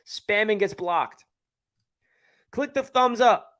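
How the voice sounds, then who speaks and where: A man's voice: on the high side, sing-song, unhurried, fairly bright tone. A man with a New York area accent hosting a casual live stream, chatting and answering viewer comments as he reads them. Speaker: livestream host.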